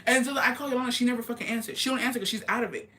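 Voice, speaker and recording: A young woman telling a gossip story on her vlog, animated and full of profanity. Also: fairly high pitch, racing. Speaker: vlogger.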